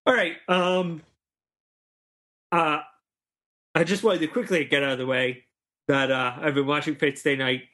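A man hosting a podcast in a relaxed, easygoing way, with many hesitant pauses. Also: on the high side. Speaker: podcast host. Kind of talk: casual podcast chat.

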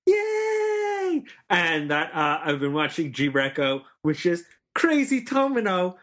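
A man hosting a podcast in a relaxed, easygoing way, with many hesitant pauses. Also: fairly high pitch. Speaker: podcast host. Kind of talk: casual podcast chat.

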